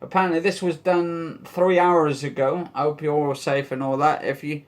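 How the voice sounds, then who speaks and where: A man's voice: on the high side, flat delivery, normal speed. A man hosting a casual news commentary vlog, rambling and joking as he talks and swearing now and then. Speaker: vlog host.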